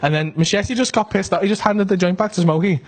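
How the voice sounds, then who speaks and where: A man with a Northern English accent doing stand-up storytelling, animated and sweary, full of conversational asides. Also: sits high, fast talker. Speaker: stand-up comedian.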